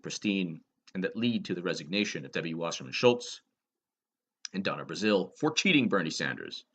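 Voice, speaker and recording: A man's voice: fairly low pitch, sharp tone, lo-fi sound. A man giving a political commentary monologue, sarcastic and emphatic, firing off rhetorical questions.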